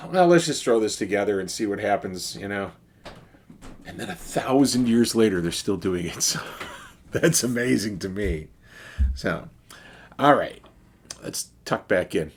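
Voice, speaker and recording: A middle-aged man with a Chicago accent, chatting casually as he reviews a beer in his video. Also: medium pitch. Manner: relaxed and chatty, with fillers and sighs.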